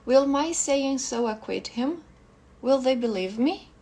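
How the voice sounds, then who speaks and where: A woman reading aloud, voicing a calm, coldly composed foreign wife in a short story. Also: high voice, measured pace, pitched above the performer's own voice, heavily acted. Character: cold, composed foreign woman, middle-aged.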